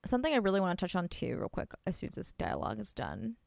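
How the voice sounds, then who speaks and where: A woman streaming a video game in a casual, chatty way, with a gravelly edge to her voice. She gushes excitedly, then slips into soft near-whispers, all recorded close and dry. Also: medium pitch, quick pace, no room sound. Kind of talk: casual let's-play chat.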